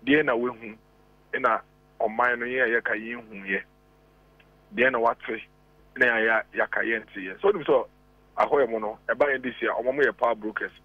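A man with a Ghanaian accent calling in as a radio guest, arguing deliberately with rhetorical questions, heard over a phone line. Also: medium pitch, steady tone, breathy edge, dry recording. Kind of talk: radio talk show discussion.

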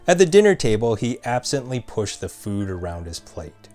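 A man narrating a scripted ghost story in a measured way and voicing the characters himself. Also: medium pitch, sing-song, warm tone, soft background music.

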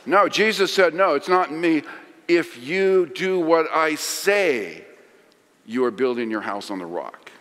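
Pastor preaching in a reverberant hall. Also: male voice, a little high, lively intonation, slow pace. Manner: dramatic emphasis, swinging between loud and hushed. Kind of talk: sermon. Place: large church sanctuary.

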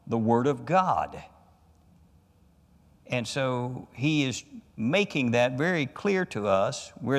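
A male pastor preaches in a slow, measured way, with pauses between phrases. He reads scripture deliberately and presses his key points with emphatic rises. His voice carries a long reverb from the church hall he speaks in. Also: mid-range voice. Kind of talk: Bible study sermon. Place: church sanctuary.

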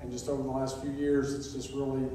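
A sixty-year-old man, giving a halting personal testimony in church, near tears and full of pauses. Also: medium pitch, completely flat delivery, mellow, slight background noise. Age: 60s. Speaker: church member announcing a calling. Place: church sanctuary. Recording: echoey church, distant mic.

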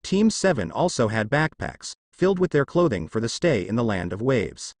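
Animated male fan fiction narrator. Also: medium pitch, normal speed, dry recording, studio quality. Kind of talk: fan fiction story reading.

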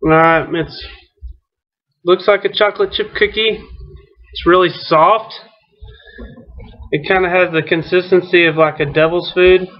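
A man, a softball coach, hosting a relaxed interview and joking around while eating. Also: high voice, measured pace, long pauses. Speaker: softball coach, show host. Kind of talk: casual interview chat. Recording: muffled lo-fi recording.

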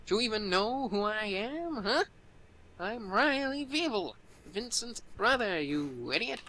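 A man's voice: high voice, big pitch swings, unhurried, bright, forceful tone, exaggerated voice. A man voicing an angry, rude young gangster who talks in a brash, insulting way. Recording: distant game audio, faint noise.

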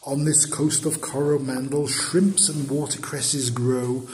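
A man's voice: medium pitch, level tone, takes it slowly, darkish tone, natural voice. A man voicing a lonely little male nonsense creature with a big head, in a raised, pleading, sing-song voice. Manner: sing-song verse recital.

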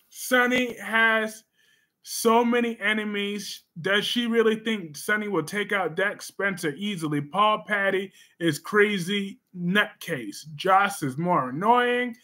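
High, bright-voiced sassy male host. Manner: sassy, emphatic, with sudden loud bursts. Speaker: livestream host reading comments. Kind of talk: casual livestream chat.

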